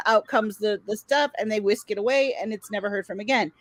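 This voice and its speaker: A woman's voice: mid-range voice, a little fast, no echo. A middle-aged woman co-hosting a casual chat who laughs often and chimes in with reactions. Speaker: co-host.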